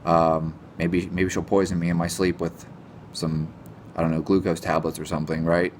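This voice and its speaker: A man's voice: deep voice, level tone, normal speed, slight background noise. A man ranting casually to camera about nutrition, sarcastic and exasperated, and he swears now and then. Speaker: nutrition vlogger.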